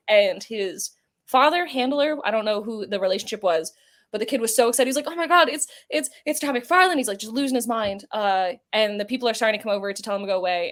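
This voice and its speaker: A woman guest on a podcast, chatting casually and telling long rambling stories full of fillers. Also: mid-range voice. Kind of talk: casual interview chat.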